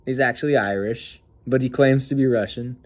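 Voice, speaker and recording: A man's voice: mid-range voice, moderate pace. A man hosting casual political commentary in a sneering, mocking and slangy way. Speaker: host.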